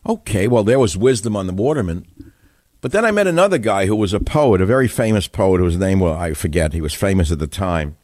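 Man, radio talk show host, low-pitched, cynical, rambling musing, dry close sound. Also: animated, brisk, a little mellow, no room sound. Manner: musing, cynical, drifts between thoughts.

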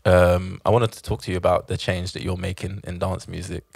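A man's voice: low-pitched, level tone, brisk, vocal fry, breathy edge, dry recording, studio quality. A man hosting a podcast, joking and easygoing with slang. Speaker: podcast host. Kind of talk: casual interview chat.

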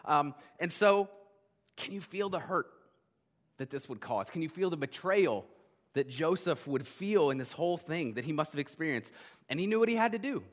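A man preaching a sermon as pastor, conversational and animated, with many restarts. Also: on the high side, normal speed. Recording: long hall reverb.

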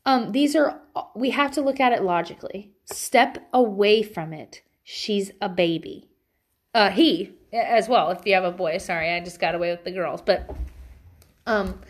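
A woman's voice: mid-range voice, lively intonation, normal speed. Frank mother swearing through parenting advice. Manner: candid and frank, swears freely. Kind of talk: casual personal storytelling.

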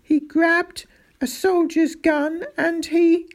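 Storybook figure: a scared, sobbing boy, stammering and pitched high, read by a woman. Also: little pitch movement, takes it slowly, heavily acted. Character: frightened tearful young boy.

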